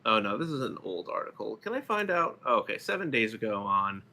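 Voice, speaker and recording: A man from the United States co-hosting a casual political commentary show, explaining things in a measured way with frequent ums. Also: lowish voice, sing-song, bright, forceful tone. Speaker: podcast co-host.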